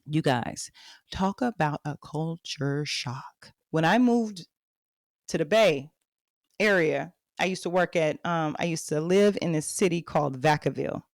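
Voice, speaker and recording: A woman's voice: low-pitched, unhurried, vocal fry, no echo, studio quality. A woman in her thirties with a Texan accent, hosting a podcast and telling her life story candidly, speaking straight to her listeners. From Texas. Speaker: podcast host. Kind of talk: personal storytelling monologue.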